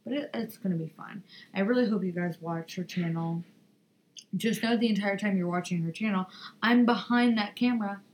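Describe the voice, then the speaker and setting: A woman's voice: medium pitch, normal speed, poor audio. Young female podcast host, casual and blunt, swears often, rambles, faint background hum. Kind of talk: casual chat.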